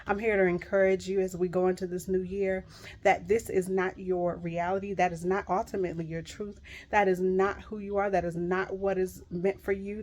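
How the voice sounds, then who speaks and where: A woman's voice: medium pitch, a little mellow. A middle-aged woman giving a heartfelt devotional pep talk to viewers, earnest and emphatic, repeating reassuring phrases. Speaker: Christian encourager speaking to viewers.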